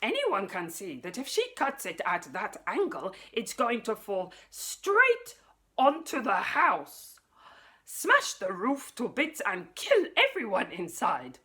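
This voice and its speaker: Brash, whooping male alien visitor, read by a woman from a storybook; slow delivery, big swoops. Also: lowish voice, huge pitch swings, full character voice. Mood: bossy. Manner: loud, bawling and whooping.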